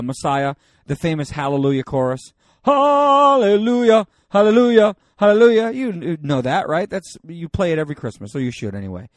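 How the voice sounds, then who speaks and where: A man's voice: a little high, dry recording. A man teaching a Bible study in a loose, joking, conversational way, reading scripture aloud with rising emphasis.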